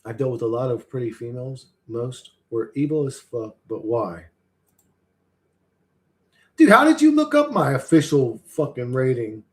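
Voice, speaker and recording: A man talks loosely through a live stream, wandering from thought to thought and dropping profanity along the way. His voice sits at an ordinary middle pitch, and he chuckles often as he rambles. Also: sing-song, normal speed.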